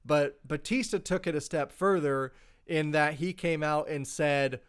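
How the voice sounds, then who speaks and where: A man co-hosts a casual podcast chat, his voice sitting a little high and coming through smooth and clean. He wanders through his points, restarting and filling gaps as he goes. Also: a little slow. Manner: chatty, rambling with fillers. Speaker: podcast co-host.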